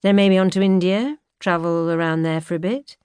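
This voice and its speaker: A woman's voice: on the low side, normal speed, a little mellow, clear, resonant tone, no room sound, lightly acted. A woman narrator voicing a posh young man, offhand and flippant, in an audiobook. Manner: offhand, drawling. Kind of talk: audiobook character voice. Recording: dry studio recording.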